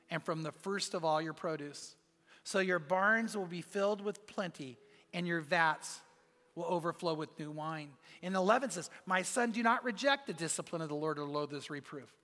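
A man's voice: high-pitched, normal speed, pushed and bright, a faint crowd. A man preaching a sermon as pastor, telling a story in an earnest, emphatic way. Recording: long reverb of a large hall.

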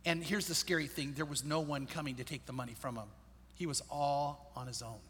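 A middle-aged man, a pastor, tells a personal story with earnest reflection, his high tone and bright, forceful timbre softening at heavy moments. The sound rings out with a long reverb, as in a big hall. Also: fairly even intonation, brisk, breathy edge. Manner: earnest, reflective storyteller, voice drops low and soft at sad moments.

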